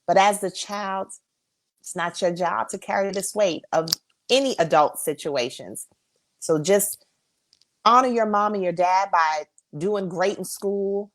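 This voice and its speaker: Female guest, somewhat low voice, earnest and emphatic, faith-driven delivery. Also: fairly bright tone. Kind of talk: interview answers.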